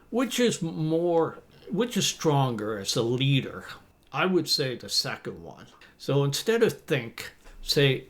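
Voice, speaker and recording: A man in his fifties teaches business English phrases to camera, reading example lines slowly and deliberately in an encouraging tone. His mid-range voice swings widely in pitch.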